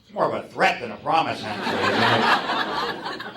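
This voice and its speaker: Sardonic stand-up comic in an echoey club. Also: male voice, fairly low pitch, animated, normal speed. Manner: sardonic, rambling. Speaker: stand-up comedian. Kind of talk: stand-up routine. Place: comedy club. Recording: echoey club, distant mic, loud crowd noise.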